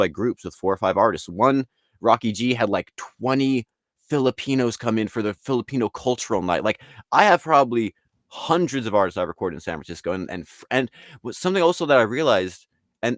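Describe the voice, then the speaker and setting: In a lowish voice and at a fairly quick clip, this interview-podcast guest, an artist and league founder, talks casually and rambles. He stays animated and does voices for the quotes he relays, with a dry, clean studio sound.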